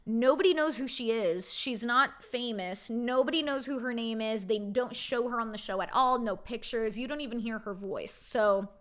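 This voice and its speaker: A woman's voice: on the high side, normal speed, few pauses. A young woman hosting a reality TV recap, giving blunt, indignant commentary in a casual way.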